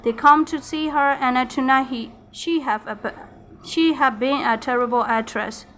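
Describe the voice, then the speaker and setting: Bright-voiced woman reading a storybook. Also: high voice, steady tone, slight background noise. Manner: halting, with slips and restarts. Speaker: reader. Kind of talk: reading a graded storybook aloud.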